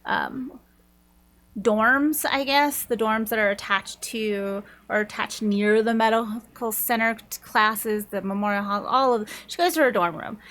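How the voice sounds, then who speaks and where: A woman's voice: a little high, a little slow, a bit bright. A woman reviewing a book, chatting casually and rambling through the plot with frequent laughs.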